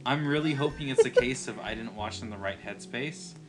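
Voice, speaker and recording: A man's voice: mid-range voice, a little fast. A man co-hosting a podcast in casual chat, swearing freely and acting out his own reactions as he tells stories. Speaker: podcast co-host.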